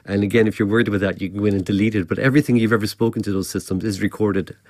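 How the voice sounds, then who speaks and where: A man with an Irish accent, a professor being interviewed on radio, explaining in a measured way with frequent restarts. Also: fairly low pitch, fairly even intonation, a little mellow, no room sound, studio quality. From Galway, Ireland. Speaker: cybersecurity professor, guest.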